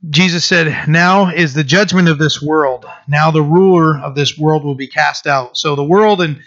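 A man preaching a sermon and reading scripture, talking haltingly with many fillers and restarts. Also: on the high side, a bit bright. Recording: dull lo-fi recording.

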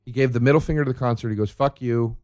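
A man's voice: medium pitch, darkish tone, no echo, studio quality. Sarcastic, swearing man ranting. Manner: sarcastic, swearing, rapid rhetorical questions. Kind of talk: profane comedic rant.

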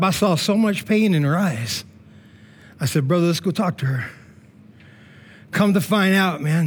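A man preaching a sermon as pastor, emphatic and casual, with slang, stories and frequent "right?" and "man", swinging between loud calls and hushed, slow passages. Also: a little high. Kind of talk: sermon with storytelling. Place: church meeting in a school building.

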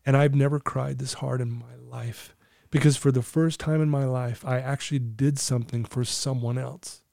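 A man's voice: medium pitch, fairly even intonation, normal speed, gravelly, dark tone, no room sound, studio quality. A man in his fifties, a recovery coach, telling a personal story as a podcast guest in an earnest, emotional way, laughing easily.

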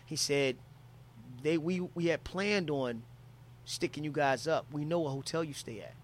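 A man's voice: fairly high pitch, unhurried, a little hiss or hum. A man from Philadelphia telling a travel story in casual, profane talk, acting out quotes from people he met.

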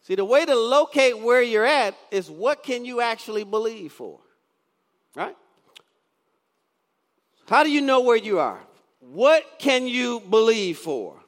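Pastor, man, 50s, high and lively delivery, quizzes the congregation, church reverb. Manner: keeps asking the congregation questions. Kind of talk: sermon. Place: church sanctuary.

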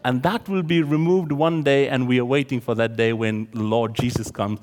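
A man gives an expository sermon in a steady, slightly mellow, medium-pitched voice at a normal speed, and the recording has a big-room sound. He goes through scripture verse by verse, frequently asking the congregation questions.

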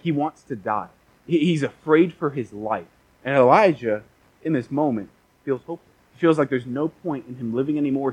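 A man preaching a sermon, telling a scripture story in casual modern words with lively restarts, and reading passages aloud. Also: medium pitch, slightly rough, muffled recording. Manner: reads scripture aloud in old-fashioned wording.

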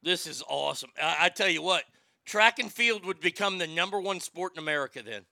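High, gravelly, profane male host. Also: a little fast, bright, forceful tone, no echo. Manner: profane and irreverent. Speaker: show host. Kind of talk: casual comedic commentary.

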